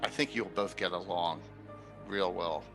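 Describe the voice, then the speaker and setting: A man's voice: low-pitched, fairly even intonation, a little slow, music in the background. A man voicing a foppish, courteous dandy nobleman with flowery, genial speech in a tabletop game.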